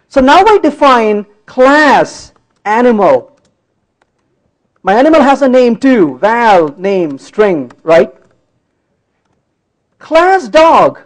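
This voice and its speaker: The recording is rough, capturing a high-pitched man giving a live-coding talk in a conference hall. As a conference speaker he's playful and teasing, regularly confirming that the audience is with him.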